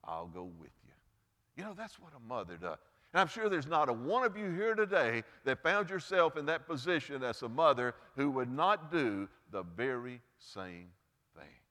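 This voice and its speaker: The man's voice is sing-song, pushed and bright, at a moderate pace, with a long reverb tail from the church sanctuary. As pastor he preaches an earnest Mother's Day sermon, using rises and drops in pitch and volume for emphasis, then turns to prayer.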